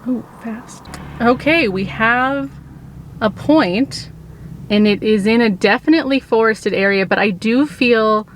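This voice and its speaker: A woman's voice: a little high, unhurried, a little hiss or hum. A woman talking earnestly in a casual vlog from her car, with many restarts and asides. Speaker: vlogger. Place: in a car in the mountains.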